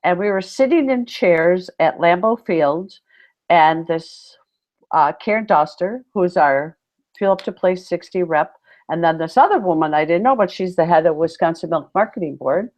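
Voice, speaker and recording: A woman with a lowish, darkish voice speaks at a moderate pace as co-host of a casual podcast chat; she's also a PE teacher. She tells a story with lots of animation, acting out quotes with big exclamations, and the audio is muffled and lo-fi.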